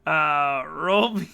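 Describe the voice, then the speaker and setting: A man's voice: fairly high pitch, vocal fry, sharp tone, clean tone. A man narrating as game master of an online tabletop game, often laughing as he describes the scene. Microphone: remote call mic.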